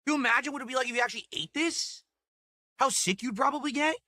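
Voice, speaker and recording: High, bright-voiced man ranting. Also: fast talker, no echo, clean studio sound. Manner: indignant, ranting, repeats himself. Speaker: food review vlogger. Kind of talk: angry food review rant. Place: home desk.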